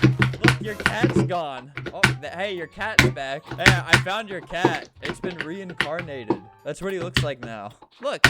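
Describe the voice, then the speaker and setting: A young man in his twenties giving comedic gameplay commentary with dark, deadpan jokes and playful storytelling. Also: high voice. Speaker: gaming video creator. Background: loud background music.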